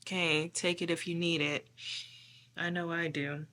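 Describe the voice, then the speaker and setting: A woman with a hoarse voice giving a casual spiritual tarot reading, chatty and often asking "okay?". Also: fairly low pitch, flat delivery, unhurried, pushed and bright, slight background noise. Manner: chatty, tags lines with "okay?". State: hoarse from losing her voice. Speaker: tarot reader.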